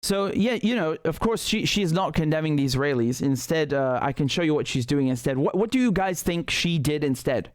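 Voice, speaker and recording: A man's voice: fairly high pitch, animated, fairly quick, few pauses, dry recording. A man hosting a live political commentary show who talks in a heated, indignant way, often repeating words and restarting sentences.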